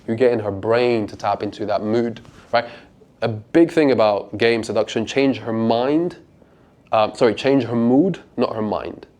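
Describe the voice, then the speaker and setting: In an unhurried, slightly mellow voice, a young man who coaches dating talks to a small group in a casual seminar full of profanity. He acts out lines loudly, his pitch leaping as he does.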